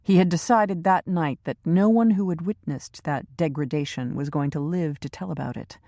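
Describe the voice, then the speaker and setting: Brief: woman narrator for a thriller audiobook, low pitch, dry close sound. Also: normal speed, dark tone, no room sound.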